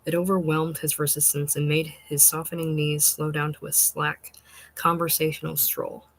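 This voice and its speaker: A narrator reading a literary short story in a measured, unhurried and expressive way. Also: medium pitch, no echo, low-quality recording.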